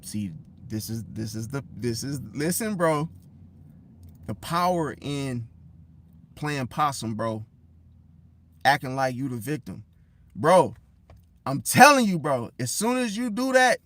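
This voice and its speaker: A man giving casual relationship advice straight to the listener, slangy, calling them bro and swinging between loud and hushed. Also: on the high side, animated, takes it slowly, long pauses, dry recording. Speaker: zodiac relationship commentator. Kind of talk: casual direct-to-camera advice rant.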